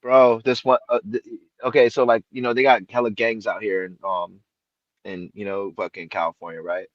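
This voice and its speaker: A man's voice: on the low side, flat delivery, moderate pace, dry recording. A young man on a stream panel telling a story in a laid-back, profane way. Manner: laid-back, profane, acts out quoted voices. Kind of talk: casual storytelling. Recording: dull, dry lo-fi call audio.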